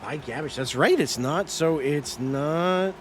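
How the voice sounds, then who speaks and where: A man doing esports play-by-play commentary, with rapid calls that jump up in pitch when goals go in. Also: soft background music.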